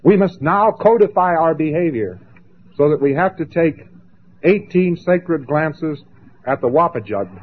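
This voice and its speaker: A man giving a lecture, emphatic and dramatic, with long pauses and mocking asides. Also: on the high side, a little hiss or hum. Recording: tinny lo-fi old recording.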